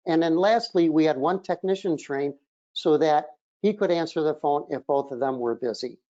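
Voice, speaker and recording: A shop trainer walks through phone-handling steps for a webinar, talking in an instructive, emphatic way. The voice is mellow and sits at a middling pitch. The recording sounds dull and lo-fi. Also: normal speed. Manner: instructive, emphatic, often starts points with "look". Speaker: auto repair shop trainer. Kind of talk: webinar presentation.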